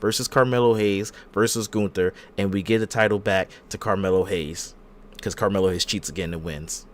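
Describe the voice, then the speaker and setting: A man hosting a casual wrestling podcast, telling a long fantasy storyline in a rambling, animated way. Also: low voice, fairly quick. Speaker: podcast host.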